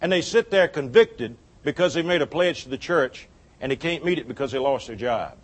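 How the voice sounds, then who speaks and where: A man telling a folksy church story in a sermon-style talk, animated and chuckling as he goes. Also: medium pitch, brisk, husky. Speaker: church speaker on giving.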